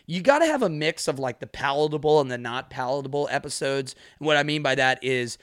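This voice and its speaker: A man hosting a podcast in casual chat, energetic and talkative with frequent laughs. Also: mid-range voice, fairly quick, no echo, clean studio sound. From Mid-Atlantic United States. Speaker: podcast host.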